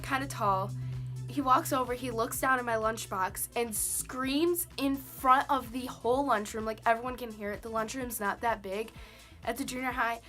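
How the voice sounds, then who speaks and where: A woman's voice: a little high, fairly bright tone. A young woman chatting casually to the camera, telling a personal story with many "like" and "um" fillers. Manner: chatty, lots of "like" and "um". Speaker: vlogger.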